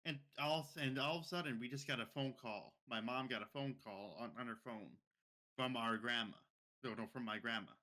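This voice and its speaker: A young man tells a spooky story on a casual podcast. His voice is bright and forward. He rambles, doubles back and repeats words as he goes. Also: mid-range voice, brisk. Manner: rambling, repeats words and restarts, mimics others' speech. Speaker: podcast co-host.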